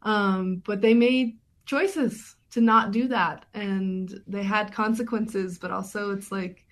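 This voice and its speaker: A woman's voice: mid-range voice, fairly even intonation, slow pace. A woman documentary filmmaker being interviewed on radio, talking thoughtfully with many fillers and restarts.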